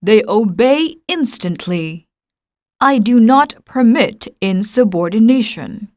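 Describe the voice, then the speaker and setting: A woman's voice: fairly high pitch, animated, slow pace, darkish tone, no echo, studio quality. A woman voicing a proud, pompous old king in an audiobook reading, speaking in a commanding, stately way. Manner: commanding, stately, a little flustered.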